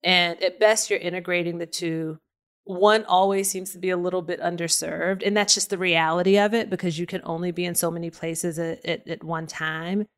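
A woman in her thirties, a podcast co-host, telling personal stories in a lively, chatty way and laughing often. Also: fairly low pitch, moderate pace. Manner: animated storytelling, laughing often. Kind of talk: casual conversation.

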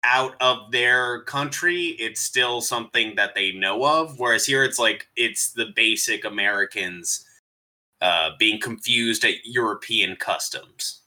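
A man with a very bright, forceful voice talks through a movie review in loose, casual chat. He is animated, laughs often and swears freely as he sums up the plot. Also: medium pitch, a little slow. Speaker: streamer co-host.

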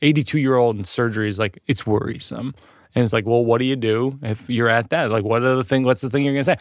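A man hosting a casual chat, talking reflectively with halting restarts. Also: mid-range voice, steady tone, no room sound, clean studio sound.

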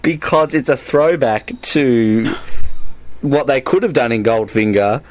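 A man co-hosting a casual movie commentary, joking and quick to laugh. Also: mid-range voice, animated. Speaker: podcast co-host.

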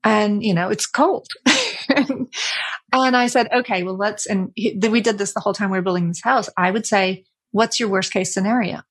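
A middle-aged woman speaks candidly as an interview guest, her voice soft and airy with a breathy edge. She tells a family story in a reflective, conversational way and brightens when she quotes her kids. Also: mid-range voice, normal speed.

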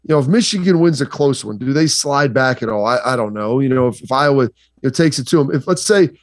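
A man's voice: medium pitch, expressive, fast talker, dry recording, clean studio sound. A man from Southeastern Ohio, a sports analyst guest, rambling casually with lots of fillers. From Southeastern Ohio, USA.

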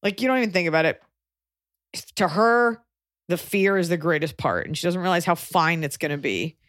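A woman's voice: on the low side, expressive, a little fast, fairly bright tone, no echo, clean studio sound. A woman co-hosting a podcast, joking sarcastically and acting out quotes in exaggerated voices. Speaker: podcast co-host. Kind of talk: casual comedic chat.

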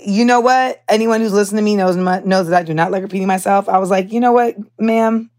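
A young American woman hosts her podcast in a loose, chatty monologue. She talks with an American accent and animated, heated asides, and her voice sits at an ordinary middle pitch. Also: quick pace. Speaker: podcast host. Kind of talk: casual storytelling monologue.

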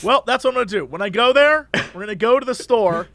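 A man's voice: very high-pitched, lively intonation, quick pace, pushed and bright, no echo. A man chatting casually on a podcast, telling stories animatedly and laughing often. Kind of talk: casual chat and storytelling.

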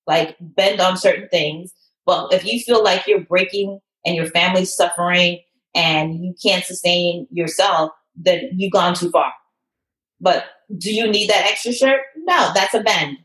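A woman who owns a fitness studio, telling her story in an interview with emotion and lively quoted voices. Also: lowish voice, unhurried, reverberant, poor audio. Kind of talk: interview conversation.

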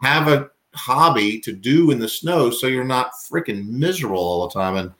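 A man's voice: mid-range voice, animated, normal speed, fairly bright tone. A man from Virginia, a podcast guest, rambling through casual chat with self-mocking jokes and stammered restarts. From Virginia, US South.

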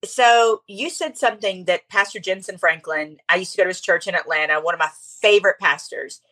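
A middle-aged woman chatting as a podcast guest, telling stories in an animated way with quick asides. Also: on the low side. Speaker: podcast guest, speaker coach. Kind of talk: casual interview chat.

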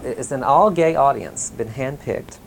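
Gravelly man telling his story. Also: mid-range voice, unhurried, a little hiss or hum, rough recording. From Mississippi, US South. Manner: rambling, many ums, soft chuckles. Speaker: interviewee. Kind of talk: casual oral-history storytelling.

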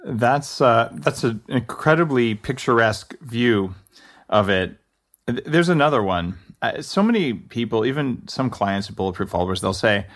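A male podcast host chats in a loose, casual way, leaning on fillers and quick asides. His voice has a gravelly fry to it, and his pitch moves around a lot as he talks. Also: lively intonation, a bit bright. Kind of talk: casual interview chat.

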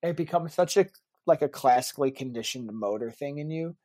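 Male co-host, a bit higher pitched, quick and playful. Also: dark tone. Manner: quick, acts out voices. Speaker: podcast co-host. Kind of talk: casual chat.

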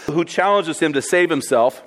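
A man preaching a sermon, retelling a martyr story in a lively, conversational way. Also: on the high side, normal speed. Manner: lively, conversational, addresses listeners as guys.

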